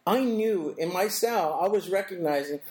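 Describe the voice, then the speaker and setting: A high-pitched middle-aged man, interviewed as a guest, reflects on a personal story. His telling is halting, with restarts and little quotes he acts out.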